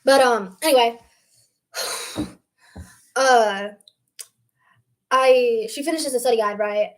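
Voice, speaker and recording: A young teenage girl casually telling a school story, animated and swearing freely as she acts out what people said. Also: a little high, slow. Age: young teen.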